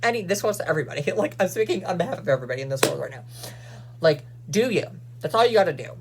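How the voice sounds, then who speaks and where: A man's voice: high-pitched, expressive, background noise. A young man vlogger venting bluntly to the camera with plenty of swearing. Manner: fast, blunt, profane venting.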